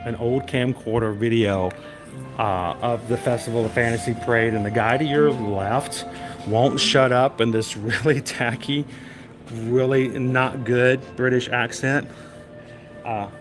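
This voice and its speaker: A man's voice: mid-range voice, steady tone, a little slow. A middle-aged man telling a story casually on a theme park livestream, chatty and self-deprecating, laughing often. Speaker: livestream vlogger. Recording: music playing loudly behind.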